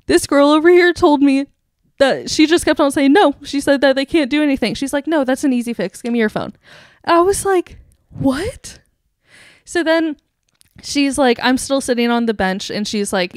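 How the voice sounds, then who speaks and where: Young woman on a podcast, chatty and giggly, higher voice, dry close sound. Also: no echo. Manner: animated, giggly, acts out quotes. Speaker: podcast co-host. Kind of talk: casual storytelling chat.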